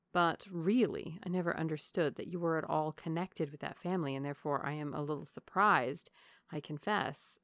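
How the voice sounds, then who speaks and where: A composed young lady, as a woman reader puts her on, answers in a guarded, polite and measured way. Her tone is low and gravelly, close and dry. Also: dry recording.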